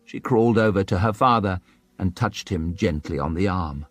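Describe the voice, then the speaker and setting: A man narrating an audiobook in a slow, dramatic storytelling manner. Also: deep voice.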